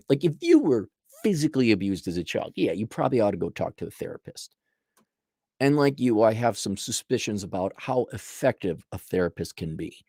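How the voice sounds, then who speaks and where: A man's voice: fairly low pitch, big pitch swings, a little fast, mellow, no room sound, clean studio sound. A man giving blunt, profane life advice in a sarcastic monologue.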